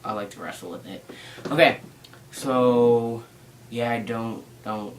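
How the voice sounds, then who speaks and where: A man's voice: on the low side, moderate pace, a bit bright, poor audio. Teen guy vlogging in his room, rambly and playful, bit of hiss. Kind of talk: casual rambling vlog.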